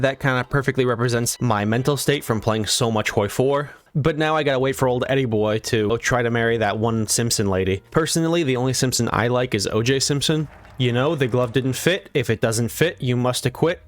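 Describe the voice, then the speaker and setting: A young man giving sarcastic, irreverent commentary over a strategy game playthrough. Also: medium pitch. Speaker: gaming video creator.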